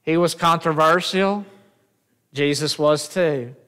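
A pastor preaches a slow, measured sermon in a slightly high voice. He keeps turning to the congregation with questions and call-and-response. His voice rings with the long echo of a church hall. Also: a bit bright. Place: church sanctuary.

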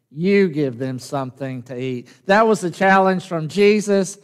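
A pastor preaching a sermon, speaking slowly and emphatically and often asking his congregation rhetorical questions. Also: a little high, clear, resonant tone. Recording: long reverb of a church hall.

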